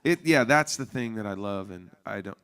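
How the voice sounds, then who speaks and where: A man's voice: fairly low pitch, animated, moderate pace, a bit bright, smooth. A man from Oregon, a musician guest in a casual radio interview, talking in a loose, playful, joking way in a radio studio.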